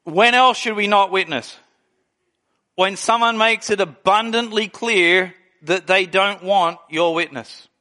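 A man with a high, bright voice preaches a sermon. He tells stories animatedly and slips into the voices of the people in them. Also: takes it slowly. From Australia. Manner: animated storytelling, acts out quoted people. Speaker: pastor.

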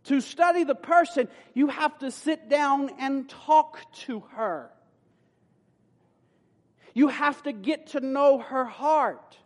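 A man's voice: very high voice, takes it slowly. A man pastor preaching a sermon in a church, folksy and playful with sudden emphatic bursts. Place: church sanctuary. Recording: long hall reverb.

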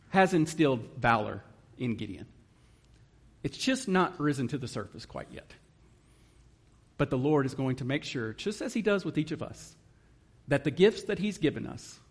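A man preaching a sermon in an earnest manner, reading scripture and explaining it. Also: mid-range voice. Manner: earnest, emotional at times, reads scripture aloud. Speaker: guest preacher.

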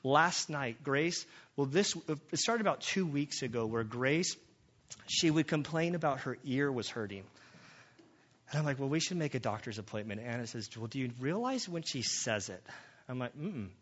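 Guy preaching casual sermon, middle pitch, kinda muffled recording. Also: expressive, normal speed, a bit bright. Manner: conversational, storytelling with quoted dialogue. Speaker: pastor. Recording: slightly dull lo-fi sound.

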